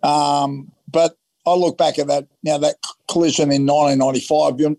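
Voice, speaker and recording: A man's voice: fairly high pitch, level tone, brisk, mellow, no room sound. An Australian man and former rugby league player, telling rambling anecdotes in an interview and acting out the quotes. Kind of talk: casual interview storytelling.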